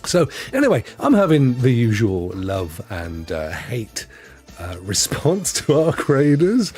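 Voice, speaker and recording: A man's voice: mid-range voice, huge pitch swings, takes it slowly, a little mellow, soft background music. A man hosting a gaming show alone, chatting in a rambling, chuckling way to his live-stream audience. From United Kingdom. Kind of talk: solo live-stream chat. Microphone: headset.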